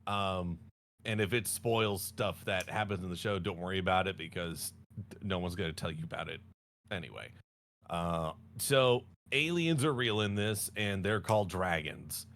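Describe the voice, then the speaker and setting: A low-voiced man chatting casually as a stream co-host. He rambles and jokes, stopping often to correct himself. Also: normal speed, fairly bright tone. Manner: rambling, jokey, self-correcting storyteller. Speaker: podcast co-host. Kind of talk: casual chat.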